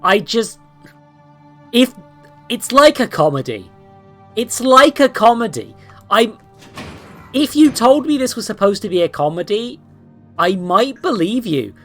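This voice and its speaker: A woman's voice: a little high, sing-song, unhurried, long pauses, soft background music. A young woman streaming a horror game with sarcastic, swearing commentary and playful asides. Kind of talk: casual gameplay commentary.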